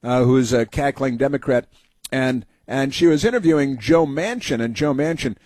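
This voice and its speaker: A man's voice: medium pitch, normal speed, darkish tone, no room sound. A man hosting a talk show, giving a rambling, sarcastic monologue full of fillers and restarts. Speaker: talk radio host.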